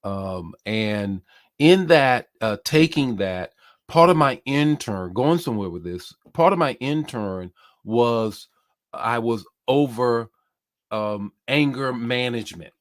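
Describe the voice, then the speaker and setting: A man's voice: medium pitch, expressive, slow. A bishop preaching a sermon with passion, repeating his key phrases and reading out comments from listeners. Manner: impassioned, repeats phrases, reads comments aloud.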